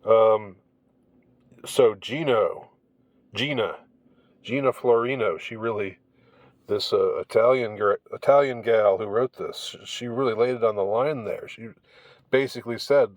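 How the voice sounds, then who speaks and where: A man giving casual commentary on an article, rambling and halting with many restarts, in a wry tone. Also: medium pitch, dry recording.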